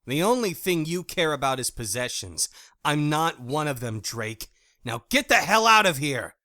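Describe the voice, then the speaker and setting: A man's voice: fairly high pitch, very animated, moderate pace, dry recording, clean studio sound, pitched above the performer's own voice. A man voicing a fierce, blunt young woman. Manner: sharp, curt retorts. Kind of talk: audiobook character voice.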